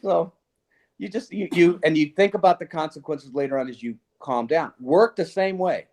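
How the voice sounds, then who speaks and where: Older man with a higher voice, telling earnest anecdotes. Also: moderate pace. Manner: earnest, animated, laughs often, restarts sentences. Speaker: guest speaker, retired police chief. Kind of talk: casual conversational storytelling.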